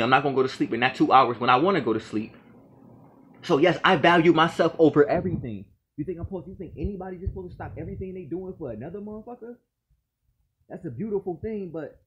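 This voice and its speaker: A man's voice: a little high, lo-fi sound. Aggrieved man ranting to camera. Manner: aggrieved and profane, repeating his points. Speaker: vlogger.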